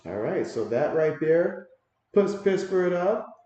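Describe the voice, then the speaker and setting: A man hosting a livestream, giving casual play-by-play commentary and reading viewer comments aloud with excitable reactions. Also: fairly high pitch, takes it slowly, muffled recording. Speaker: livestream host doing play-by-play. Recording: very echoey room.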